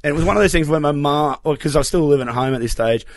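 A man's voice: a little high, very fast, no room sound. Aussie comedian guy rambling through stories, lots of fillers, dry close sound. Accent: Australian. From Australia. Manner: rambling, self-mocking storyteller with many fillers. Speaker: comedian guest. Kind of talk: casual podcast chat. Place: shed.

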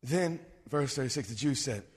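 A man preaching a sermon, animated, swinging between loud bursts and low asides. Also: normal speed, breathy edge. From suburbs. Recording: long reverb of a hall.

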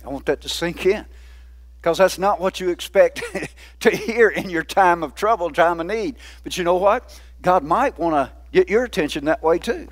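A man's voice: high voice, lively intonation, moderate pace. A man preaching a sermon in a folksy, conversational way, often putting questions to the congregation. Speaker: pastor.

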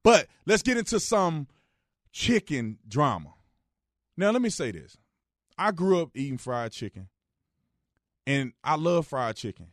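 A male radio talk host with a fairly high voice that leaps all over the place, bursting loud then dropping to murmured asides. He jokes and riffs freely in a dry, close studio sound. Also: measured pace, pauses often, no room sound. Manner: animated, joking, swings from loud outbursts to low asides. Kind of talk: casual opinion commentary.

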